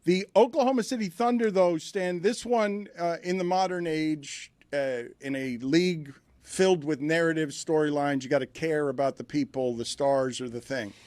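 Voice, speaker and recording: A man's voice: fairly high pitch, moderate pace, darkish tone, no room sound. A man hosting a sports talk show, asking his guest long rhetorical questions in a wordy way.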